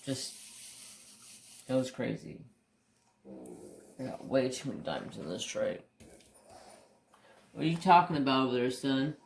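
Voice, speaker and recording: A man's voice: mid-range voice, very animated, measured pace, vocal fry, long pauses, a little hiss or hum. A man hosting a crafting channel tells stories in a casual, rambling way while he works at his craft table. He talks candidly, swears mildly and often restarts his sentences. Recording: roomy echo.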